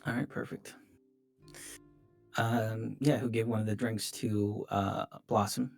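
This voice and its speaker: A man with a fairly low voice plays a tabletop game and works out his moves out loud. He pauses, hedges and fills gaps with fillers. Soft music plays far behind. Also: flat delivery, gravelly. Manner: hesitant, thinking aloud with fillers. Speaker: player.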